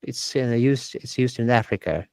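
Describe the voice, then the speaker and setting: A man's voice: mid-range voice, normal speed, gravelly, a little mellow, clean tone, no echo, clean studio sound. A man teaching English one-on-one, repeating words and patiently correcting pronunciation. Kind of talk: one-on-one vocabulary lesson.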